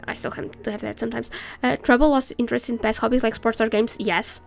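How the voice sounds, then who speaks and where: A woman streamer with a slightly high, gravelly voice, chatting and ranting as she plays. She reads the game's lines aloud between asides. Faint game music runs behind her. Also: steady tone, quick pace. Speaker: let's play streamer. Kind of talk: casual game commentary.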